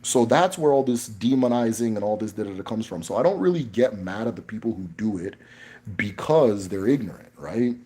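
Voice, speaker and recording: A man's voice: fairly low pitch, lively intonation, brisk, mellow, breathy edge. A man hosting a casual livestream Q&A, talking in a blunt, emphatic way with frequent profanity. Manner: emphatic, blunt, profane, tags points with "right?". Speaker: livestream host.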